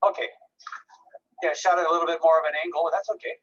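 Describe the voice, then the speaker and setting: Man, painting instructor on a video call, somewhat high voice, muffled audio, easygoing critique with lots of restarts. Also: fast, slightly rough. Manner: relaxed, encouraging, thinks aloud with restarts. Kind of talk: live online art class critique.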